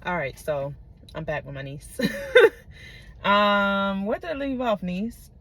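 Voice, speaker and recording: A woman's voice: medium pitch, big pitch swings, takes it slowly, sharp tone, slight background noise. A woman vlogger telling a personal story in a casual, digressive, profane way, often checking in with her listeners.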